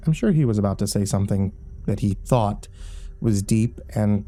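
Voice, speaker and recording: A man's voice: fairly low pitch, expressive, normal speed, mellow. A man narrating a first-person horror story in a wry, dry audiobook style.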